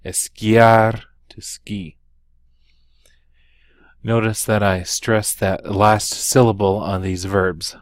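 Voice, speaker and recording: A man's voice: fairly low pitch, level tone, takes it slowly, long pauses, no room sound, clean studio sound. A man teaching a Spanish lesson, walking through the material unhurriedly with many ums and uhs and carefully sounded-out example words. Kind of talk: recorded lesson walkthrough.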